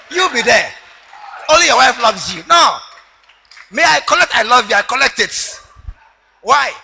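A man preaching a sermon to a congregation, animated and teasing, laughing along with them. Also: extremely high pitch, vocal fry. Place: church hall. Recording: long hall reverb.

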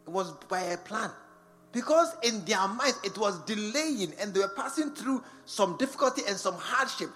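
A man's voice: sits high, very animated, normal speed, fairly bright tone. A man preaching a sermon in a large church, firing rhetorical questions at the congregation. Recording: long church reverb with faint music behind.

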